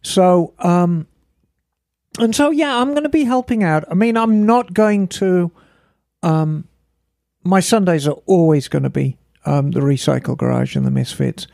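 Gravelly-voiced man chatting casually. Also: sits high, unhurried, darkish tone, no echo, studio quality. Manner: chatty, rambling storyteller. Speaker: podcast co-host. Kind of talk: casual chat.

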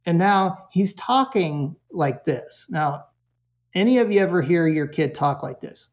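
A man telling a parenting story as a podcast guest, lively and full of fillers, acting out the people he quotes. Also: a little high, unhurried, lo-fi sound. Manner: animated storyteller, acts out quotes, many fillers.

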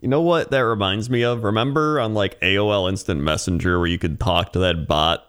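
A man chatting casually, relaxed and laughing as he talks. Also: on the low side, fairly quick, clean tone. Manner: relaxed, laughs while talking. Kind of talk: casual chat.

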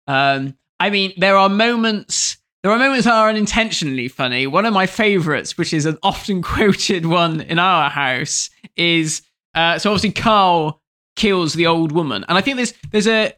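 A man's voice: high voice, animated, moderate pace, pushed and bright. A man co-hosting a podcast, chatting casually and animatedly, often laughing and quoting scenes. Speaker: podcast co-host. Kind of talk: casual chat review.

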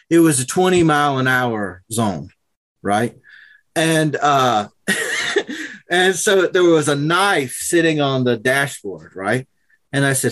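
A young adult man casually telling a profane, animated story, quoting everyone involved. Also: mid-range voice, moderate pace. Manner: profane, animated retelling with quoted voices.

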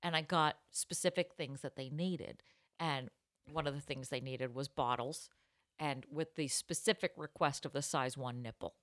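A woman's voice: very deep voice, normal speed, a bit bright, dry recording, clean studio sound. A woman co-hosting a comedy podcast, telling rambling, giggly stories full of silly wordplay. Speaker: podcast co-host. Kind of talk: casual comedic chat.

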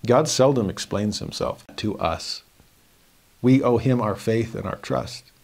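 Man, religion teacher, devotional talk, animated storytelling, gravelly fry in the voice. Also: mid-range voice, measured pace. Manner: animated storytelling, acting out his own inner dialogue.

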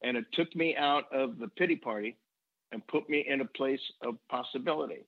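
A man's voice: medium pitch, fairly quick, dry recording. Give me an older man recounting stories with energy, sounding like a phone call. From United States. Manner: animated storyteller, acts out quoted voices. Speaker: guest songwriter. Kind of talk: storytelling in conversation. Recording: tinny phone-like line.

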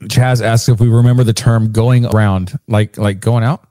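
A man's voice: mid-range voice, fairly even intonation, moderate pace, mellow, no echo. A man cohosting casual banter, crude and teasing, swearing as he goes. His voice is recorded close and dry, with no room sound. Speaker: co-host.

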